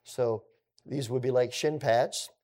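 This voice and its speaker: A man teaching through a scripture passage in a conversational way, with relaxed asides. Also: medium pitch, takes it slowly.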